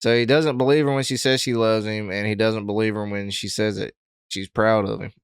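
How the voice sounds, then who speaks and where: A man hosting a reaction video, talking casually and thoughtfully, pausing with lots of fillers. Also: lowish voice, fairly even intonation, smooth, no room sound, studio quality. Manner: thoughtful, halting, with many fillers. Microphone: headset.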